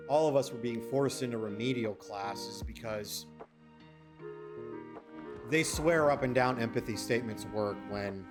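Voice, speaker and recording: A man streaming a video game, telling a story in casual, rambling chat with frequent swearing and restarts. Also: fairly low pitch. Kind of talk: casual chat while gaming.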